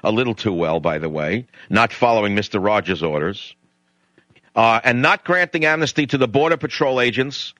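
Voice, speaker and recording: A man's voice: medium pitch, sharp tone, no room sound. A middle-aged man hosting a talk radio show, speaking in a blunt, indignant, ranting manner. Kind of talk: political talk radio monologue.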